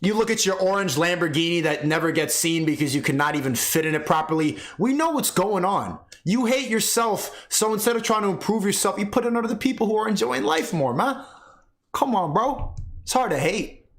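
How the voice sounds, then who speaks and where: High-voiced young man ranting heatedly. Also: expressive, fairly quick. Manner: mocking, trash-talking, mimics others in shrill voices. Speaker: streamer reacting to a video. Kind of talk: heated reaction rant.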